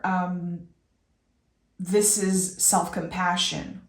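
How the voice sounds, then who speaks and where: A woman giving an intuitive tarot reading, talking softly and emotionally, drawing her phrases out. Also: mid-range voice, steady tone, roomy sound. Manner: slow, soft and emotional, with drawn-out phrases. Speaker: tarot reader.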